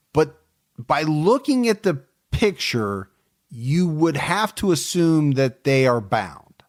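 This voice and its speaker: A man co-hosting a true crime podcast, chatting casually and teasing his co-host, often laughing. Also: on the high side.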